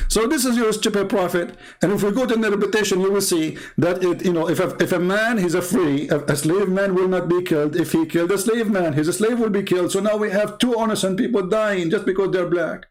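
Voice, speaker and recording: A man's voice: high-pitched, lively intonation, brisk, hardly any pauses. A man hosting polemical commentary, talking in a mocking, sarcastic way and laughing at his own jokes. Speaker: host.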